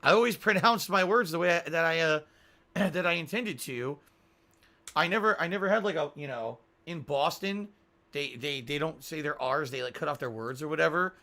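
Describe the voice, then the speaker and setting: A man's voice: fairly high pitch, normal speed, bright, forceful tone. A man streaming a game live, rambling, thinking aloud and reading out viewer tips. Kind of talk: live-stream gaming commentary.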